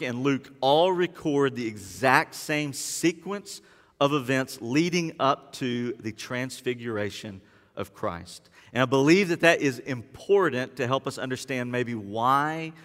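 A man preaching a sermon as pastor, telling the story in lively casual words and retelling scenes as he goes. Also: mid-range voice, takes it slowly, long reverb tail.

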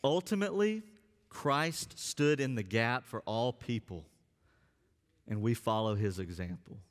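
Speaking a little slowly in a mid-range voice, this man preaches as a pastor with earnest conviction. He lingers on important words for emphasis while the sanctuary's long echo fills the space.

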